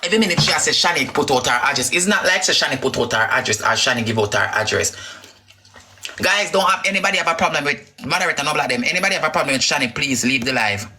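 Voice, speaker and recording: A woman with a Jamaican accent who talks fast and heatedly, swearing often, while hosting a livestream chat. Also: sits low, expressive, bright, forceful tone. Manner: rapid, heated and profane.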